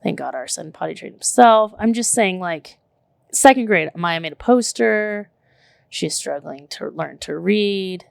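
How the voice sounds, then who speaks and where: Woman, 30s, podcast co-host; gravelly, lowish voice, chatty and outspoken. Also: unhurried, no room sound, clean studio sound. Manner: animated, filler-heavy storytelling with frequent "like" and "literally"; outspoken, swears casually. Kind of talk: casual chat.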